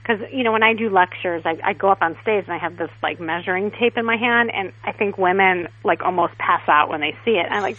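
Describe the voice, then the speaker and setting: A woman guest stylist in a casual interview, telling stories in a chatty, animated way. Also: medium pitch, a little fast, hardly any pauses. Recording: tinny phone line.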